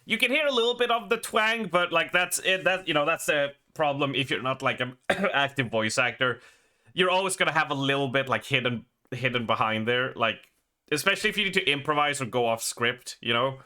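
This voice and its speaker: A man's voice: mid-range voice, animated, a little fast, bright, forceful tone. An Australian man chatting casually while streaming a game, rambling with lots of fillers and frequent laughter. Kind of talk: casual chat while gaming.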